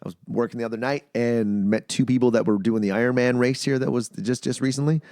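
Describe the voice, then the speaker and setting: A man's voice: medium pitch, steady tone, fast talker, warm tone, dry recording, clean studio sound. A man from Manitoba hosting a casual podcast chat, telling stories and acting out the people he quotes. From Manitoba, Canada. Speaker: podcast host.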